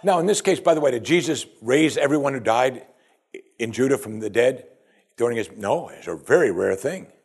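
Husky-voiced preacher with lively pitch. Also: male voice, normal speed. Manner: animated, rhetorical questions to the congregation. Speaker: pastor. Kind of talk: sermon.

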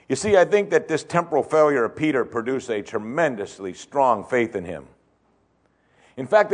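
A man preaching a sermon, swinging between loud emphasis and hushed tones and repeating phrases for effect. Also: mid-range voice. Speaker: pastor.

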